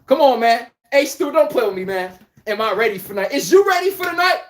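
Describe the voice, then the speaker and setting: A woman hosts a live sports talk show in a brash, emphatic, slangy way. She calls out viewers by name while she argues her points. Her voice sits high and leaps all over the place. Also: expressive, fairly quick. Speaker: sports podcast host.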